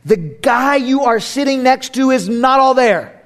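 High-voiced emphatic male pastor preaching. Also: animated, unhurried. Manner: emphatic, repeats key phrases, playful asides. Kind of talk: sermon.

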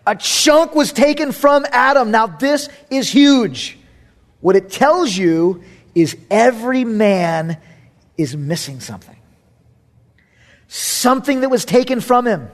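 High-voiced emphatic male pastor preaching. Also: lively intonation, slow pace. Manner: emphatic, repeats key phrases, playful asides. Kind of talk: sermon.

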